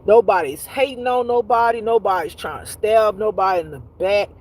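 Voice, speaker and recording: A woman with a husky, slightly breathy voice speaks as a spiritual teacher on a casual livestream. She tells her stories in an animated, profane way and talks straight to the people watching. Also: mid-range voice, normal speed, low-quality recording. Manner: animated, profane storytelling with frequent laughs; talks straight to viewers, reads comments aloud.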